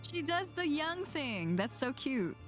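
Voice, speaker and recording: A woman's voice: high voice, big pitch swings, slow pace. A woman co-streaming a game, teasing and laughing in casual chat. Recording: game music very loud in the mix. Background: game music.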